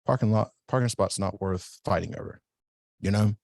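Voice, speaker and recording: Very deep-voiced self-defense instructor. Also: male voice, moderate pace, creaky, no room sound. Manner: relaxed, rambling, self-correcting. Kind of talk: casual podcast interview.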